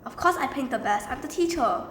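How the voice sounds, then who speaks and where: A woman's voice: high voice, expressive, a little fast, a bit bright. A woman telling a story from her time as a teacher, rambling casually and leaning on filler words. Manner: rambling, repeats filler phrases. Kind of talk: storytime narration. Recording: echoey room with faint background noise.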